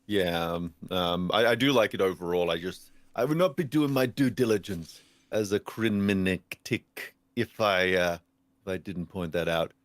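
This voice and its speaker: A man's voice: sits low, moderate pace, no echo. A man in a casual movie review chat, throwing in wry quips and short critical points. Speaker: podcast guest.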